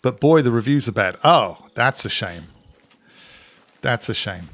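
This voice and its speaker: A man's voice: fairly low pitch, expressive, a little slow, fairly bright tone. A man from England with a mix of English and Scottish accent, chatting casually with viewers on a live game stream. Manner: chatty, reads out and answers chat while playing.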